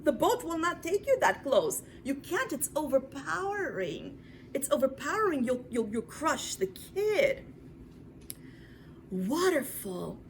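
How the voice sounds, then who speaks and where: A Torah lecturer from New York speaks to a women's class in a high-sitting voice, with slight background noise behind her. Her delivery is dramatic, swinging from loud emphasis to near whispers, and she repeats words to stress them.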